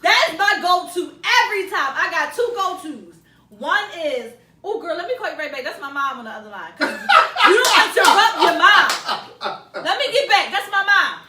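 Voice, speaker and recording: A woman hosting a casual talk show, animated and laughing, acting out phone greetings. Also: extremely high pitch, normal speed. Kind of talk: casual panel chat. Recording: roomy, distant mic, faint noise.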